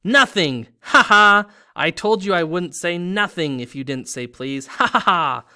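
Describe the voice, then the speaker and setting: A man's voice: fairly high pitch, animated, a little slow, a bit bright, pitched above the performer's own voice. A man voicing a mischievous male poltergeist who taunts in a sing-song, cackling way. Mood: taunting.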